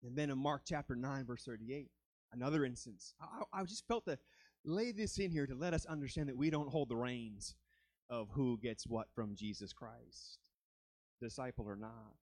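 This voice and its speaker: A man's voice: medium pitch, normal speed, a little mellow, no echo. A man preaching a sermon as a guest speaker, fervent and dramatic, rising and falling as he acts out quoted lines.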